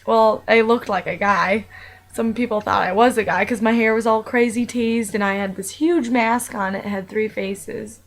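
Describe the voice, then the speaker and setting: Chatty young woman, slightly high voice. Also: steady tone, moderate pace, vocal fry, rough recording. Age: young adult. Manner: rambling and chatty, with many fillers and restarts. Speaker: vlogger. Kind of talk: casual personal monologue.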